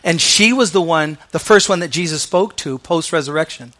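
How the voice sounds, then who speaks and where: Bright-voiced male pastor preaching. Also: on the high side, moderate pace. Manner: conversational preaching with slang asides; drops to soft, quiet delivery on key lines. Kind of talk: sermon.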